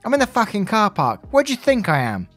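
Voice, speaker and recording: Raised, yelling woman driver who curses at everyone, put on by a male narrator. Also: high-pitched, wildly swooping pitch, quick pace, soft background music, pitched above the performer's own voice, exaggerated voice. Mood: furious. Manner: yelling, cursing, demanding. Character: furious swearing middle-aged woman driver.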